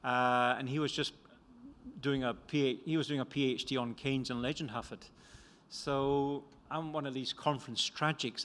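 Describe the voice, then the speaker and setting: A man's voice: mid-range voice, a bit bright. Older scottish guy at a conference, jokey and rambling, voice rings around the lecture hall. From Scotland. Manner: rambling, self-deprecating, many restarts. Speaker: economist presenting a book. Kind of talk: conference talk.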